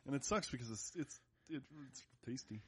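A man's voice: mid-range voice, expressive, brisk, slightly rough. A man co-hosting a podcast, speaking casually in a laid-back, teasing way and pushing back on his partner. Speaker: podcast co-host.

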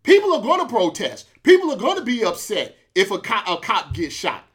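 Animated man in heated sports commentary. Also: high voice, brisk. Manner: animated, emphatic, repeats points, addresses co-host by name. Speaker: podcast host.

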